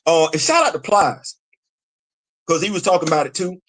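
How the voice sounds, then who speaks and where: A man's voice: high voice, sing-song, brisk, fairly bright tone. A middle-aged man hosting a live commentary stream, talking casually, repeating himself for emphasis and answering his chat. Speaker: show host.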